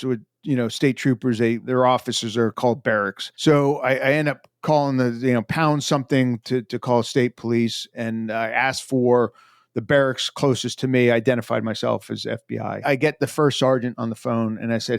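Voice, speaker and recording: Man, retired agent, casual storytelling, animated quotes, mid pitch, dry close sound. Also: moderate pace, vocal fry, no room sound. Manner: animated, acts out his own quoted lines. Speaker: retired FBI agent, podcast guest.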